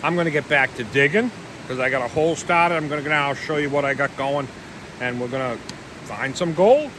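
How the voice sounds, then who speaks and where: A man chatting casually on camera while gold prospecting outdoors by a river, easygoing and talkative. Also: a little high. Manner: chatty, easygoing, talks while eating and working. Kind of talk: casual outdoor vlog narration. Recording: loud river noise outdoors. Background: rushing river water.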